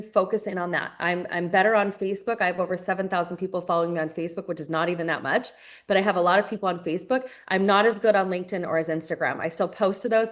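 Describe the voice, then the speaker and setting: Upbeat woman coaching her sales team. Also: mid-range voice. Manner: upbeat coaching, addresses listeners as "you guys", repeats phrases for emphasis. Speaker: sales team leader training new members. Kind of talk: live online training session.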